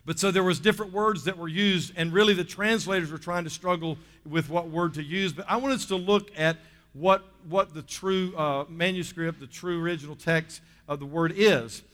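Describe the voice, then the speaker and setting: A pastor with a Southern US accent preaches a sermon in a somewhat high, slightly bright voice at a moderate pace. He's emphatic, stretching key words and calling on the congregation to respond, and the recording has a reverberant hall sound.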